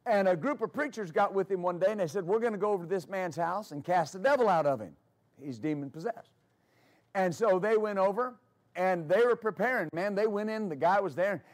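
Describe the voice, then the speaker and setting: A high-voiced man delivers a sermon as a pastor. He repeats key phrases for emphasis and slips into storytelling with fillers. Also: a little mellow. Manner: preaching with emphatic repetition.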